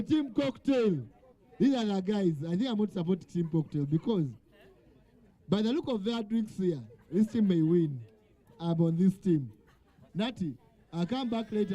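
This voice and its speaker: High-voiced man hosting a quiz. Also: dark tone. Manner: calls out to the crowd and jokes with teams. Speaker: event host. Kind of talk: hosting a live quiz night. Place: event venue with a crowd.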